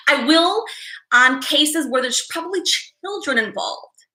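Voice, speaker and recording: A woman's voice: high-pitched, expressive, measured pace, pushed and bright, roomy sound, low-quality recording. A woman psychic hosting a live stream, talking casually and emotionally to viewers, rambling with sighs and restarts.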